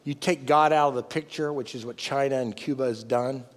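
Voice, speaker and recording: A man preaching a sermon as a pastor, emphatic, swinging from loud peaks down to low, soft passages. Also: fairly even intonation, fairly quick, big-room sound.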